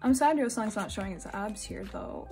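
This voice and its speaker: A young woman from Singapore chatting casually while unboxing albums, giggly and gushing, now and then breaking into high squeals. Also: animated, moderate pace, over loud music. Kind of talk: excited casual chat.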